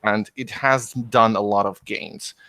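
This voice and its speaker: A man with a bright, forceful voice pushes through a long political argument in a casual podcast chat. He talks in animated run-on points. The sound is dry and close. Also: lowish voice, a little slow, gravelly, dry recording. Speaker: podcast co-host.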